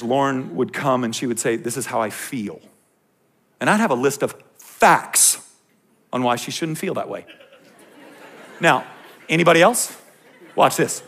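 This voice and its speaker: A man in his thirties preaching to a youth group, swinging between quiet explanation and passionate ranting with jokes aimed at the crowd. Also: mid-range voice. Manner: impassioned, ranting and joking with the crowd. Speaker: youth pastor. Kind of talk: sermon.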